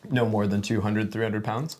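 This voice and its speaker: A man's voice: on the low side, level tone, normal speed, a little mellow. An American man as a podcast guest, chatting casually in a rambling, jokey way with frequent laughs. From United States. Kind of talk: casual chat.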